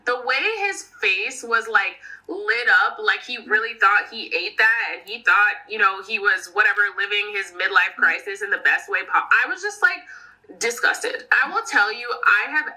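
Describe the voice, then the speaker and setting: A woman's voice: mid-range voice, moderate pace, sharp tone. An American woman telling a story in casual chat, acting out both sides of the conversation. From United States. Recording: echoey room, distant mic.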